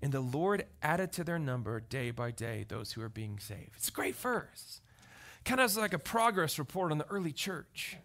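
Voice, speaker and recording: A man preaching a conversational sermon as pastor, telling stories with animated delivery and often checking in with the crowd. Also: on the high side, normal speed. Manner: animated storytelling, often asks the crowd "right?".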